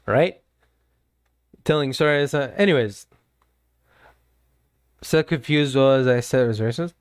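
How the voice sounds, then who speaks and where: A man's voice: mid-range voice, measured pace, smooth, dry recording, studio quality. Earnest, lecturing male streamer. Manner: earnest, lecturing, repeats words. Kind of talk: casual livestream talk to chat.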